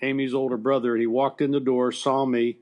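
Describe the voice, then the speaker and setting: An older American man, a former baseball coach, telling personal stories in an interview in a halting way with frequent restarts. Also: mid-range voice, little pitch movement, a little mellow. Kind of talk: emotional storytelling interview.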